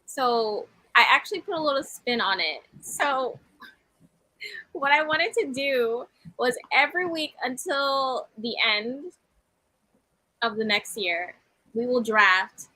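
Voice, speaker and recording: A woman co-hosts a wrestling podcast in relaxed, teasing chat. Her voice is bright and fairly high for a woman. The sound is close and dry. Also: slow pace, dry recording, low-quality recording. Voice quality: teasing, laughing, easygoing. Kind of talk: casual chat.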